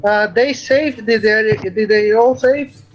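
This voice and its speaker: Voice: mid-range voice, slow, faint music behind. A player in a tabletop game, thinking aloud and hesitating over the moves. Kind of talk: casual tabletop play. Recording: dull, muffled sound.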